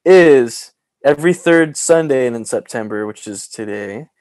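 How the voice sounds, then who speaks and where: Man hosting a chatty podcast, playful and teasing, pitch swinging all over, close dry sound. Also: unhurried, no echo. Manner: playful, joking, animated. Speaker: podcast host. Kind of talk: casual chat.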